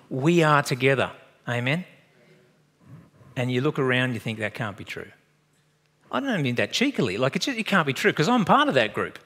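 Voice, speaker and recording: Aussie pastor guy preaching, chatty and lively, voice goes up and down a lot, acts out little conversations. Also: medium pitch. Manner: conversational and animated, acts out dialogue, emotional at times. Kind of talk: sermon. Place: church.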